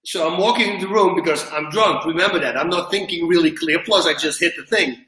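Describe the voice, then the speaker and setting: A man with a fairly high, bright voice spins a wild personal anecdote with lively energy, chuckling between lines. He sounds set back from the mic in a roomy, echoing space. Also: brisk. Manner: lively, laughs at his own story, acts out quotes. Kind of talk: animated storytelling. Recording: roomy, from a distance.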